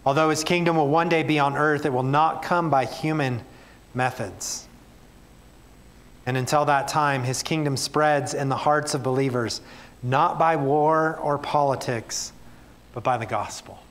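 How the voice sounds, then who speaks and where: Delivered at a measured pace, this sermon comes from a male pastor whose medium-pitched, slightly bright voice keeps a fairly even intonation. He reads scripture aloud before speaking plainly and earnestly to the church.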